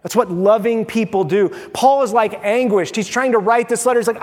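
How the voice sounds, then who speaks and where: A pastor preaching a sermon in a conversational, animated way, acting out little everyday scenes. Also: male voice, high-pitched, a little fast, few pauses, big-room sound.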